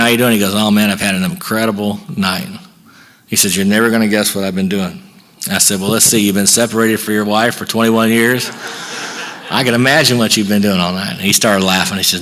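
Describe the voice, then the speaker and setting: A middle-aged man with a somewhat low voice shares his story at a recovery workshop. He talks in a folksy, storytelling way and acts out both sides of each conversation. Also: a bit bright. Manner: folksy, acts out dialogue with quick back-and-forth. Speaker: recovery meeting speaker. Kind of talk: personal storytelling talk at a workshop.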